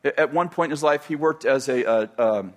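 A man's voice: medium pitch, normal speed. An older man from California telling a personal story in a rambling way, with many restarts and chuckles. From California, USA.

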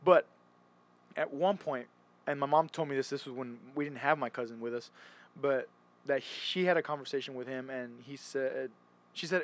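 A man's voice: medium pitch, moderate pace. A young man chatting casually, rambling and restarting often as he retells stories. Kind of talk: casual chat.

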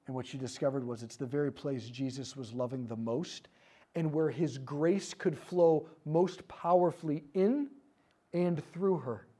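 A man leading a teaching talk, telling a story about inner-healing prayer. His voice sits a little high but sounds dark and mellow. He lets it fall soft and hushed whenever he quotes a prayer. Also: measured pace. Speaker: speaker leading a prayer ministry session.

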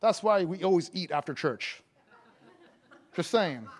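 A man evangelist preaching a sermon, joking and laughing between lines and breaking into loud proclamations of scripture. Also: sits high, expressive, unhurried. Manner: jokey, laughing often, bursts of loud proclaiming.

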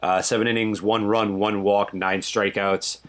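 Very deep-voiced man recapping baseball stats. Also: flat delivery, a little slow, a bit bright. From Connecticut. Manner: stat-heavy, dry recaps. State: sleepy. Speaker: podcast co-host. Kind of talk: casual sports chat.

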